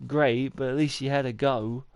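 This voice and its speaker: A man's voice: mid-range voice, fairly even intonation, moderate pace, clear, resonant tone, no room sound, studio quality. A man live-streaming a baseball game, talking in a rambling, stuttering, encouraging way. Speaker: gaming streamer.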